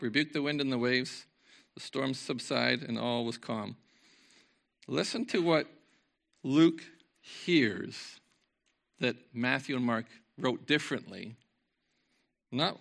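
A man preaching an informal, earnest sermon to his church, reading scripture and moving between lively talk and soft, quiet passages. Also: medium pitch, measured pace, gravelly, long pauses. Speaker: pastor. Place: church service.

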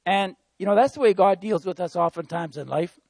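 A man with a fairly high voice preaches an informal sermon, earnest and conversational. He is a missionary speaking to the congregation as friends. The sound is dry and close, with no room echo. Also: animated, fairly quick, mellow, slightly rough.

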